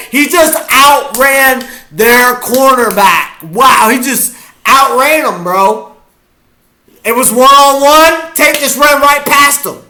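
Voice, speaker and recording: A man reacting to a football game as a fan, hyped and often shouting his cheers. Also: very high-pitched, slow, a little hiss or hum. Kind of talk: live game reaction vlog.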